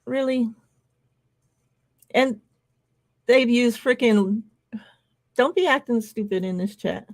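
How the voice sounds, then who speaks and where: A woman's voice: on the high side, slow pace, long pauses. A woman co-hosting a sports podcast over an online call, greeting the live chat by name in a friendly way and talking casually. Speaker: podcast co-host.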